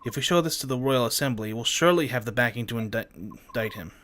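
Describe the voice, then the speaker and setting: A man voicing an earnest, resolute young noblewoman in a fan-dubbed game, halting over a few words. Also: mid-range voice, fairly bright tone, slight background noise, close to an everyday voice.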